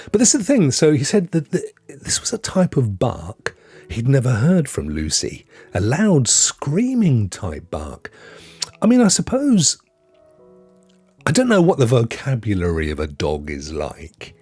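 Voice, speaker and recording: A man's voice: mid-range voice, wildly swooping pitch, a little slow, dark tone, slightly rough, no room sound, faint music behind. A middle-aged man hosting a live stream, chatting casually with rambling asides and frequent laughs as he reads out good news stories.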